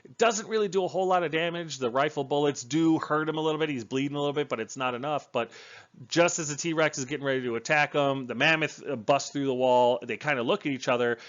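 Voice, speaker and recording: A man's voice: a little high, quick pace, fairly bright tone, dull audio. A man casually recapping a book's plot as a reviewer, rambling and correcting himself as he goes. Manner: rambling, chatty, with fillers and self-corrections. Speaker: book reviewer.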